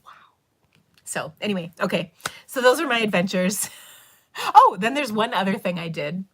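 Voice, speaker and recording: A middle-aged woman hosts a casual livestream, rambling through stories with laughter and filler words. Her mid-range voice has lively intonation and moves at a normal pace.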